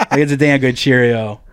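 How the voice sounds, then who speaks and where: A man's voice: mid-range voice, no echo, clean studio sound. A man co-hosting a podcast, telling a crude story in a rambling, profane way full of "like". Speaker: podcast co-host.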